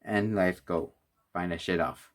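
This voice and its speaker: Slow, rambling man reviewing toys. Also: low-pitched, steady tone, slight background noise. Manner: rambling, restarts often, sighs. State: out of breath. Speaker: toy reviewer. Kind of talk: casual toy review vlog.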